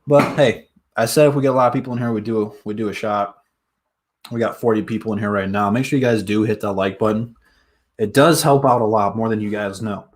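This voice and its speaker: A man's voice: fairly low pitch, brisk. Hyped young man hosting a sports stream. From Detroit area, US. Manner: hyped, talks straight to viewers with fillers. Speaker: sports live stream host. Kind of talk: casual live stream chat.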